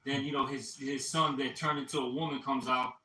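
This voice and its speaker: A man in a casual group chat, talking in an animated way with lots of swearing, fillers and restarts. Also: medium pitch, brisk. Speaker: group discussion member. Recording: echoey room, far from mic, faint hiss.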